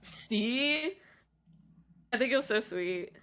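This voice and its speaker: A woman's voice: fairly high pitch, expressive, takes it slowly, faint music behind. A young woman co-hosting a stream, chatting casually and giggly with many fillers. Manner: giggly, filler-heavy, soft trailing phrases. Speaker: co-host friend. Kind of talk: casual chat.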